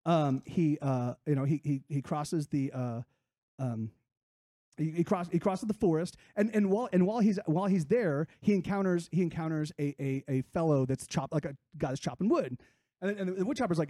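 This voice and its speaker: A man's voice: fairly high pitch, dark tone, dry recording, clean studio sound. A man telling a long shaggy-dog joke to friends, stumbling over many restarts. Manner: halting, many restarts and fillers. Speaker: joke teller among friends. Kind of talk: casual storytelling.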